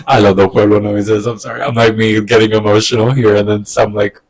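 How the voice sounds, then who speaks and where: A man talking in a casual personal vlog, hesitant and rambling, getting emotional with soft laughs. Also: lowish voice, flat delivery, normal speed. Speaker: vlogger. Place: indoors at home during a move.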